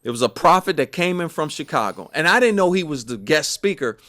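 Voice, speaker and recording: Casting note: gospel musician, male, higher register, lively and emphatic when recounting stories. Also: brisk. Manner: animated, emphatic storyteller. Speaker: gospel musician and podcast guest. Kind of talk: personal storytelling in conversation.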